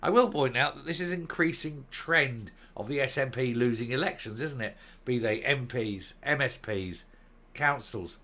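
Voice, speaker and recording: A man's voice: medium pitch, pushed and bright. A man giving sarcastic, scornful political commentary to camera, reading out news quotes and mocking them. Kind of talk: opinionated video commentary.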